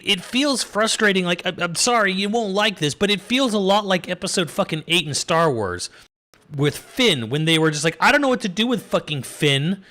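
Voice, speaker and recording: Here the same kind of reviewer, a young adult man, sounds high-pitched, bright and forceful. He rambles through his casual rant with plenty of swearing, laughter and exasperation.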